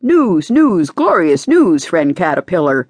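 A woman's voice: deep voice, sing-song, normal speed, dry recording. A woman voicing a cheerful, knowing male lark in a storybook audiobook, teasing and persistent. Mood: exultant.

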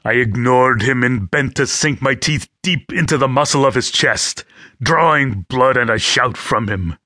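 Bright man narrating an audiobook. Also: mid-range voice, unhurried, no echo, clean studio sound. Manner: gritty and vivid storytelling. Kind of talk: scripted first-person audiobook narration. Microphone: close studio mic.

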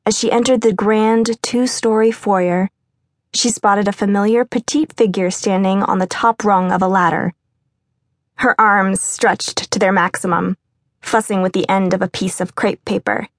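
An audiobook narrator, a woman, reads a novel from a script in a measured, even storytelling manner. Her voice sits mid-range, captured in a dry, clean studio.

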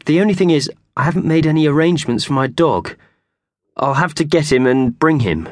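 A man's voice: a little high, lively intonation, a little fast, no echo, studio quality, pitched above the performer's own voice, natural voice. A man voicing a meek, worried grown man in a children's audiobook, speaking in a hesitant, anxious and apologetic way.

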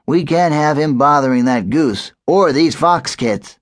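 A man's voice: on the high side, expressive, measured pace, dry recording, clean studio sound, pitched above the performer's own voice. A man voicing a sensible, serious male pig in a children's audiobook. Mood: grave. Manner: grave, matter-of-fact.

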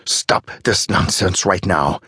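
A man's voice: sits low, slow pace, slightly rough, no echo, clean studio sound, exaggerated voice. A man voicing a rattled male doctor who snaps angrily in an audiobook. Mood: angry. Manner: sharp, angry outbursts.

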